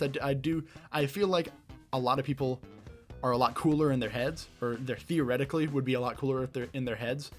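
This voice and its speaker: A young podcast host from the American Southeast, speaking with a light Southern accent and a medium-pitched voice, fields quick-fire questions from his bedroom. He rambles, pokes fun at himself, and laughs a lot in this casual Q&A.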